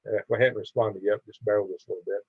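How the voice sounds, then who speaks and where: A man's voice: lowish voice, steady tone, rapid-fire, husky, no room sound, highs cut off. A middle-aged man hosting a casual live stream, reading viewer comments aloud in a chatty, tired way. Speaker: livestream host.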